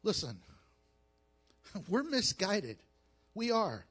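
A man preaching as a pastor, mixing scripture with jokes and animated storytelling. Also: high-pitched, extremely slow, breathy edge. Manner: animated, jokey storytelling with acted asides. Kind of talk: sermon with humor.

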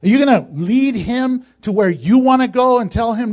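Man preaching, high voice, conversational, joking asides. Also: animated, moderate pace, a little mellow. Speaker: pastor. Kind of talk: sermon.

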